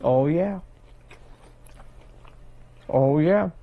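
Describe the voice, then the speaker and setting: A man's voice: on the high side, extremely slow, narrow, tinny audio. A man with a Philadelphia accent chatting through a casual cooking vlog in his home kitchen, eating and savoring between lines. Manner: chatty, tags lines with "okay?" and "right?". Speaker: fishing vlogger.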